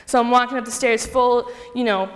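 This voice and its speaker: A young woman giving a personal faith testimony to a group, telling her story with lively acted-out dialogue. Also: a little high, fairly quick. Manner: animated storytelling, acting out quoted dialogue. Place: hall with a group. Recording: long reverb of a hall.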